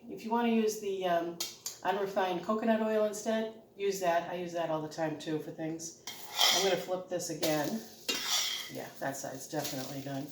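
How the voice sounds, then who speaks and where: A woman's voice: on the low side, slight background noise. A middle-aged woman with a regional American accent, chatting casually and laughing now and then as she cooks at home. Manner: chatty, homey, laughs often while talking. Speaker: home cooking channel host. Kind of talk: casual cooking demonstration. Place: home kitchen. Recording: echoey kitchen, mic at a distance. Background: clatter of dishes and cutlery.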